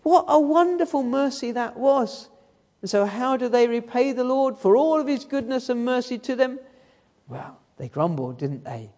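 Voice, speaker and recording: A man's voice: very high voice, big pitch swings, normal speed, darkish tone. A man preaching a sermon, telling the story and asking the congregation rhetorical questions. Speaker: guest preacher. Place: church hall. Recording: church service recording with long hall reverb.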